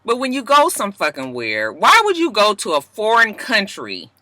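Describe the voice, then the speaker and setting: A woman giving a sassy, profane, animated recap of a reality TV episode from her car. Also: mid-range voice, normal speed, noisy background. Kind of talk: casual reality show recap. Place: parked car.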